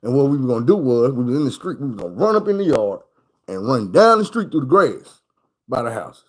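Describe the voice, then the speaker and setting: Speaking briskly in a mid-range voice, this male streamer spins a casual story full of profane street slang, animatedly playing each person involved. The audio is poor.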